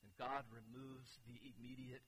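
A man pastor preaching a sermon to his congregation, swinging from hushed, quiet passages to loud, urgent outbursts. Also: medium pitch, level tone, normal speed, slight background noise, low-quality recording. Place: church sanctuary.

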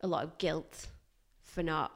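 A woman, a guest recounting a hard workplace experience in a candid, animated way. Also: low voice, a little slow. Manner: animated, emphatic retelling with bursts of loudness. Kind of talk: candid personal storytelling.

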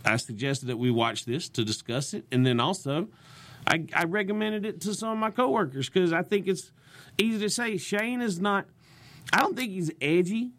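A man's voice: high-pitched, normal speed, a bit bright. A young man with a Southern US accent, a comedian chatting casually on a podcast with lots of vocal inflection. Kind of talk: casual chat.

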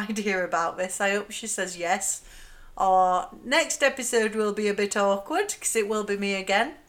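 A woman hosting her own podcast, chatting casually, excitable and poking fun at herself. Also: medium pitch. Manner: chatty, excitable, self-mocking. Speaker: podcast host. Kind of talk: casual solo podcast chat.

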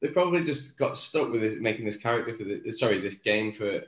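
A man's voice: lowish voice, lively intonation, quick pace. Man, Wirral accent, casual co-host, musing, trails off, roomy echo. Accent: Wirral, Merseyside. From England. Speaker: podcast co-host. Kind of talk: casual chat.

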